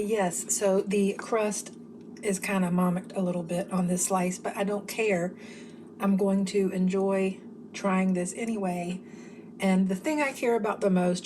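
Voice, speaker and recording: A woman talks straight to her viewers in a casual home cooking vlog, gushing about the dish as she eats it. Her voice sits at an ordinary middle pitch, and her speech is loose and friendly, full of "y'all". A faint noise runs underneath. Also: mellow. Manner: chatty, enthusiastic, says y'all. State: talking while eating.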